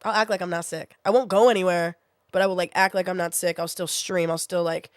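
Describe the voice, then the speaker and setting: A woman's voice: on the low side, steady tone, fast, dry recording, studio quality. A young woman streaming from her bedroom, telling a story to her chat in a casual, chatty way and acting out what she said back then. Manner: chatty, acts out her own past lines.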